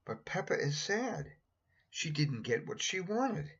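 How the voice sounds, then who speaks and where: A man's voice: on the high side, very animated, slow, fairly bright tone, husky. A man casually reading a picture book aloud, adding chatty asides and pointing at the pictures. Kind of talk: casual storybook read-aloud. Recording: dull lo-fi recording.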